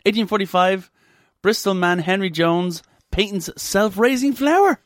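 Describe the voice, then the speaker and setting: A man co-hosting a chatty podcast, reading history dates and acting out quotes with plenty of swearing. His voice sits a bit high and swings widely in pitch. The recording is close and dry. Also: expressive, measured pace, dry recording. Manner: swears a lot, acts out quotes in put-on voices. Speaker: podcast co-host.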